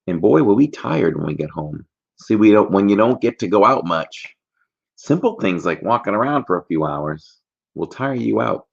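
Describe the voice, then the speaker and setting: A man's voice: lowish voice, very animated, moderate pace, creaky, slightly rough, highs cut off. A man hosting a casual trivia livestream, chatty and jokey, rambling between questions.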